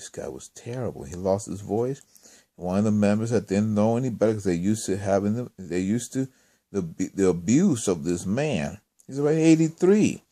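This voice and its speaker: A man's voice: low-pitched, warm tone. A man telling a story in a casual, rambling monologue, often exasperated and repeating himself. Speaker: vlogger.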